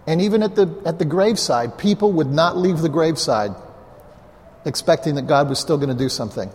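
A man's voice: on the high side, animated, a little fast, darkish tone, a little hiss or hum. Pastor man preaching in an echoing hall. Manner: conversational, anecdotal, with asides to the congregation. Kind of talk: storytelling sermon. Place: church hall, live before a congregation. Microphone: clip-on mic. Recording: long reverb of a large hall.

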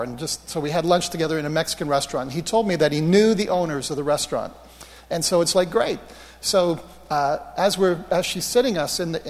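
A man preaching a sermon, telling healing stories in an animated, anecdotal way with self-mocking humor. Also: fairly high pitch, in a large hall. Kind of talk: storytelling sermon.

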